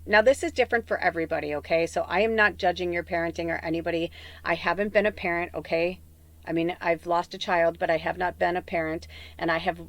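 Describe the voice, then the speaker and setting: A woman giving a tarot reading in a casual spiritual podcast, telling a rambling story full of fillers and acting out quoted dialogue with sudden leaps in pitch. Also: no echo. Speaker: tarot reader.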